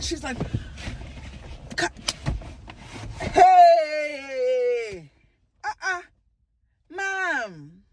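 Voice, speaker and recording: A young woman vlogger telling a storytime, animated and swearing freely, acting out quotes from her coworker. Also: high voice. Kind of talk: storytime vlog, casual venting.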